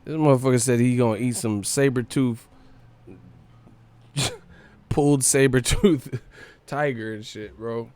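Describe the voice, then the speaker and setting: A livestream host with a medium-pitched, somewhat dark voice reads viewer comments aloud in a casual, profane, slangy way. He keeps breaking into laughter.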